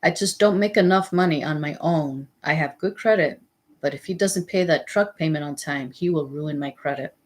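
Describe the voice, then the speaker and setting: A woman reading as an upset, low-voiced mother. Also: normal speed, close to an everyday voice. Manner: plain, tired and upset. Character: worried struggling mother, adult woman.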